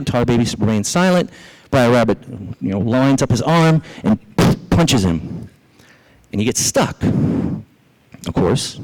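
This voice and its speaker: A male pastor with a Southern US accent delivers a sermon, speaking at a middle pitch. He tells a children's story with animated energy and asks the congregation questions directly. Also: normal speed, low-quality recording.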